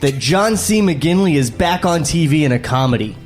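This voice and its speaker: A man's voice: a little high, expressive, moderate pace, soft background music. A man co-hosting a comedy table read, reading stage directions with profane, irreverent asides.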